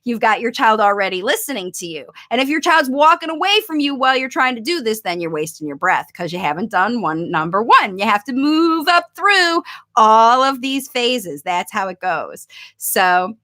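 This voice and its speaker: A woman with a high, bright voice coaches parents in a relaxed, conversational way. She explains at length and slows down to model words clearly. She sounds middle-aged. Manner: conversational and instructive, models phrases slowly for emphasis. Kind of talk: live-streamed parent coaching talk.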